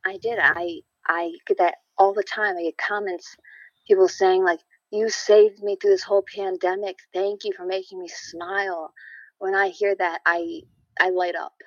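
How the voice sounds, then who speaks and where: An enthusiastic woman from upstate New York talks upbeat about her music and streaming as an interview guest. Her pitch sits in the middle range. The audio is dry and a little dull. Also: little pitch movement, normal speed, dry recording. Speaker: guest, singer and live streamer. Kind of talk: casual interview.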